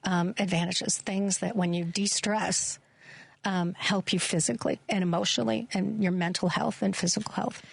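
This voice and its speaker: A woman's voice: mid-range voice, steady tone, normal speed, gravelly, husky, no echo. Woman, radio interview guest, earnest, hesitant, dry close mic. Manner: earnest, hesitant with many ums. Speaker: guest, forest therapy guide.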